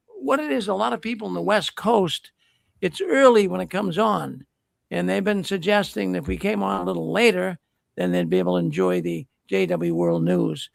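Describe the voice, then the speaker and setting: A man's voice: high-pitched, gravelly, no room sound. An older man hosting a casual livestream, making folksy, rambling announcements. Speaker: host.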